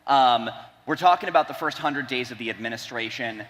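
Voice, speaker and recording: A man's voice: medium pitch, brisk, fairly bright tone, a little hiss or hum. A man opening a panel as moderator, loose, chatty and self-deprecating. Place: large conference hall stage. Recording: long hall reverb with faint music.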